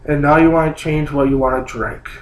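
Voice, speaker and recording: A man mimicking a rude, scolding waitress in a higher, snippy voice, in an echoey room. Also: fairly even intonation, fairly quick, close to an everyday voice. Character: rude impatient southern waitress, woman. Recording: roomy echo.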